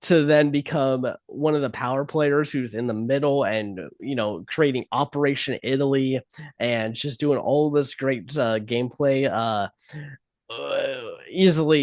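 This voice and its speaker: A man's voice: mid-range voice, moderate pace, dry recording. Casual man co-hosting a podcast. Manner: loose, filler-heavy talk. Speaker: podcast co-host. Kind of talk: casual chat.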